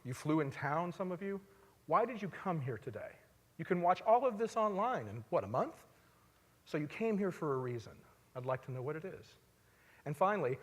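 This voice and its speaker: Guy on stage telling stories, kinda high voice, booms then goes quiet, big hall echo. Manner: conversational, swings between loud emphasis and quiet asides. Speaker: speaker at a live talk event. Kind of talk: storytelling stage talk. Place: large hall, on stage before an audience. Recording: long hall reverb.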